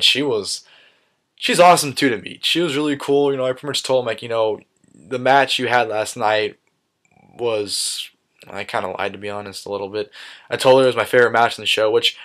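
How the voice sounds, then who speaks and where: A man of ordinary pitch talks straight to his camera in a loose, chatty vlog. He rambles, leans on fillers and repeats the same praise words again and again. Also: fairly bright tone. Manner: rambling, repeats "awesome" and "you know". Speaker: vlogger. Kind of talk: casual recap vlog.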